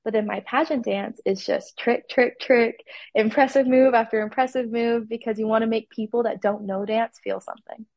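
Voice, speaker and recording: A woman's voice: a little high, fairly even intonation, normal speed, creaky, a little mellow, no room sound, dull audio. A teenage girl from Utah, a pageant titleholder, telling her story with enthusiasm in a casual interview. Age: teens.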